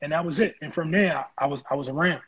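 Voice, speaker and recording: Guy talking fast and high, husky voice, kinda dull lo-fi sound, telling a story all animated. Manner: animated, acts out quoted voices. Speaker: interview guest, former football player. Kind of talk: casual storytelling.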